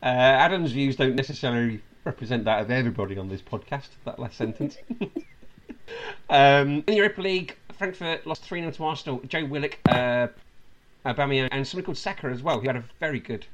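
A man's voice: mid-range voice, animated, quick pace, a little hiss or hum. Man hosting, chuckling through news. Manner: reads news items with chuckles and asides. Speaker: podcast host. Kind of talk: casual football podcast chat.

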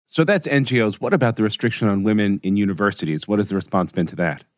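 A man hosting a news podcast, asking brisk, direct questions. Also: fairly low pitch, no room sound, clean studio sound. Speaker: podcast host.

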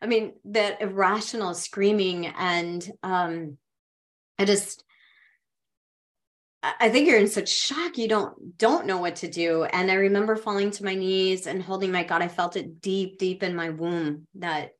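A woman podcast co-host telling a personal story in a heartfelt, halting way, with frequent restarts. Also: mid-range voice.

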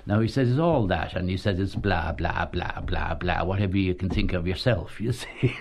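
Older male raconteur, low gravelly raspy voice, chuckly "you see" storyteller. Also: moderate pace. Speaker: retired actor recalling touring days. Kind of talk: anecdotal storytelling.

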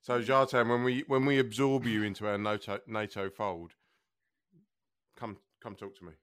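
A man's voice: fairly low pitch, level tone, fairly bright tone, clean tone. Bantering English man. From England. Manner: bantering, quick to swear. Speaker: podcast co-host. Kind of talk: casual chat.

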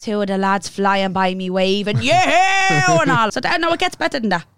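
A young Irish woman co-hosting a podcast, telling a story in a sweary, animated way and imitating the people in it. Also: mid-range voice, fast talker, background noise. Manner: sweary, animated, playful impressions of others. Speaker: podcast co-host. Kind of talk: casual storytelling chat.

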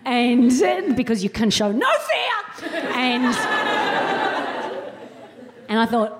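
A woman's voice: a little high, big pitch swings, unhurried, pauses often, noisy background. A woman around forty, a comedian and co-host, telling a wry, self-mocking comic story to a live audience and acting out quotes in mock voices.

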